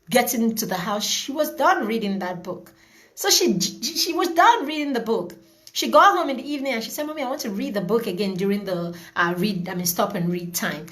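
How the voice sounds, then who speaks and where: A woman's voice: a little high, a bit bright. Woman, online class host on a video call, chatty and repetitive. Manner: chatty, greets viewers by name, repeats words. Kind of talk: live online class wrap-up.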